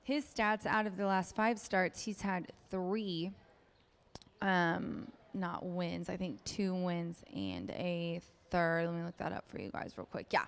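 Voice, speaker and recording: A woman's voice: fairly low pitch, takes it slowly, gravelly, smooth. A woman working as a racetrack handicapper, giving a chatty, upbeat race preview with frequent ums.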